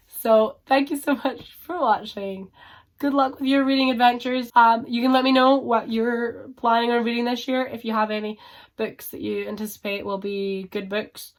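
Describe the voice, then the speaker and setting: Woman booktuber chatting at home, kinda higher voice, rambly and blunt. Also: a bit bright. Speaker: book vlogger. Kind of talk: casual chat to camera.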